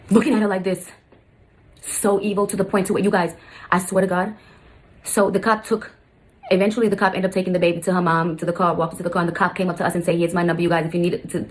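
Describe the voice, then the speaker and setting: A stepmother recounting a family story to her viewers, rambling and often turning to address them directly. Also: on the low side. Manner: rambling, keeps addressing viewers as you guys. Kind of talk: fast emotional storytelling to camera.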